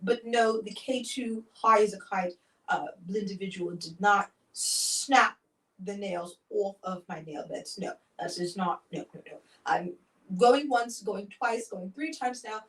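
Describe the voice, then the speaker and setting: A woman's voice: medium pitch, a little slow, a bit bright. A woman tells a story in a casual chat, leaning into dramatic, wry asides and a catchphrase she keeps coming back to. Her voice sits in the middle of the range. It sounds roomy and a little distant from the mic. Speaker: host.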